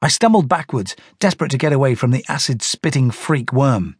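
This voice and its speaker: A man narrating a children's audiobook in an animated storytelling manner. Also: mid-range voice, brisk, breathy edge, dry recording, studio quality.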